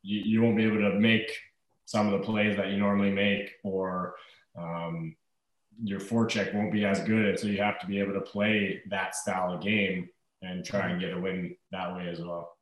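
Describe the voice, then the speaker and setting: A man's voice: low voice, flat delivery, moderate pace. A man in his thirties, a hockey player guest in a casual interview, talking in an easygoing, rambling way with fillers. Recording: echoey room.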